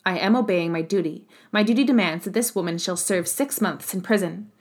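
A woman's voice: on the low side, a little fast. A woman voicing a stern, rigid male police inspector who speaks firmly, respectful yet unyielding. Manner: firm, respectful but unyielding.

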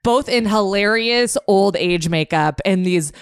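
A woman's voice: mid-range voice, unhurried, clean tone, no echo, clean studio sound. A woman chatting casually as a podcast co-host, full of fillers and restarts and laughing as she tells a story. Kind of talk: casual chat.

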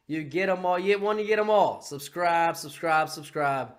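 A man co-hosting a casual political podcast, crude and excitable, swearing freely. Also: fairly high pitch, normal speed. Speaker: podcast co-host.

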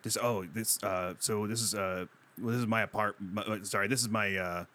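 Deep-voiced, awkward man hosting. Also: steady tone, normal speed, bright, forceful tone. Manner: hesitant, full of "uh", awkward. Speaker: podcast host. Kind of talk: comic improvised podcast.

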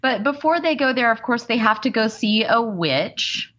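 A woman co-hosting a casual chat, jokey and animated, acting out quotes from a TV show. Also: a little high, normal speed. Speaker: podcast co-host. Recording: slightly dull lo-fi audio.

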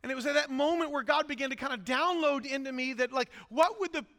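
Pastor, male, high and bright voice, blunt intense delivery, hall reverb. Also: quick pace. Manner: blunt, intense, rising to shouts. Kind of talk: sermon.

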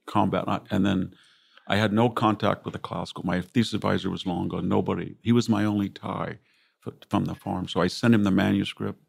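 A man's voice: low voice, fairly even intonation, fairly quick, vocal fry, breathy edge, dry recording. An older American man, a historian guest in an interview, telling reflective stories about his family and war. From United States. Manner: reflective, anecdotal, voices relatives in quotes. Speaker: guest, classicist and military historian. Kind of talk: conversational interview storytelling.

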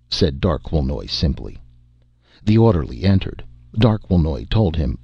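A man reading a science fiction story aloud in a measured, expressive way. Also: rumbling low, vocal fry, husky, dry recording, dull audio. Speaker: narrator.

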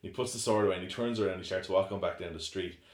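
A man with a deep, low voice chats casually as a podcast co-host. He rambles and restarts often, getting animated when he retells scenes. The sound is roomy and echoey. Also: very fast. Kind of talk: casual chat. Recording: echoey room.

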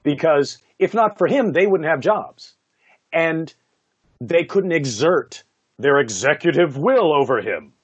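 A man, a voice actor, telling stories from his career in a casual interview, animated and laughing often, with many "you know" fillers. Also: fairly high pitch, measured pace, husky, no room sound, muffled recording. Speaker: voice actor guest.

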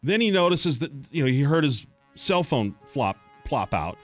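A male morning radio host tells a story, his pitch swinging up and down as he goes. His voice sits a little high for a man, with faint music under it. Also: normal speed. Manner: lively storyteller, animated.

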